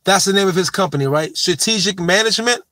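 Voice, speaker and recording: In a quick-paced, profane sports monologue, a man with a high-sitting voice lectures his subject, stressing and repeating his main point to hammer it home. The sports commentator's tone is sharp, and there's no echo.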